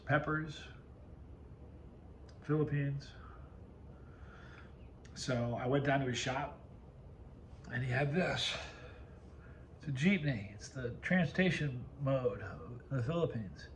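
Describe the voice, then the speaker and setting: A man at an everyday middle pitch tells a rambling story to his camera, often breaking off and restarting. The room around him is echoey, with a faint hum of background ambience. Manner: rambling, self-interrupting storyteller. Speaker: video host.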